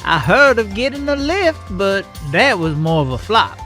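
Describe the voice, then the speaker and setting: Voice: medium pitch, big pitch swings, moderate pace, bright, forceful tone, soft background music. A performer voicing a small, curious young boy rabbit who chats playfully, says y'all and laughs often in a fan-made cartoon.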